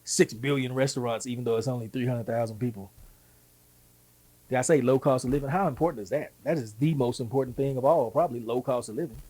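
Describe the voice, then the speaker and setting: Husky Texan man, animated host. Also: medium pitch. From Texas. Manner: animated, folksy, quick asides. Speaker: show host. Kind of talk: casual monologue.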